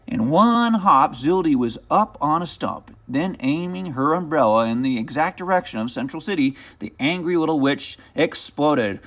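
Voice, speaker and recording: A man reading a children's picture book aloud as narrator, with expressive, dramatic storytelling. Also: medium pitch, normal speed.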